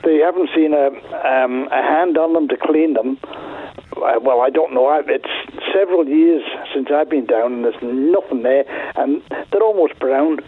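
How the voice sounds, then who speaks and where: An older Manx man rings a radio phone-in, his voice a little high. He rambles haltingly with plenty of ums and uhs. The call comes through a tinny phone line. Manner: halting, rambling, many fillers. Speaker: caller.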